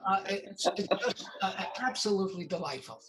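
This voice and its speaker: A man's voice: high-pitched, lively intonation, over music, rough recording. A man being interviewed as a film producer, telling stories with many fillers and restarts, acting out what others said. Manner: halting, many fillers, acts out quotes. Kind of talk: interview guest, casual storytelling.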